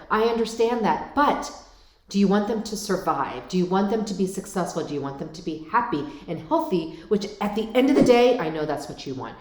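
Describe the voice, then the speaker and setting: A middle-aged woman talks to camera in a casual, animated way and keeps checking in with her viewers. Her voice sits at a middle pitch. The room around her is echoey. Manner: animated, addresses viewers directly with frequent "right?". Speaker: parenting vlogger.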